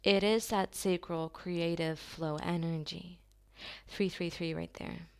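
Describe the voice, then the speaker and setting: A woman giving a channeled tarot reading to her viewers, talking softly and slowly in an affirming way, with long pauses. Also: fairly low pitch, fairly even intonation, smooth. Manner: soft, slow and affirming, with drawn-out pauses.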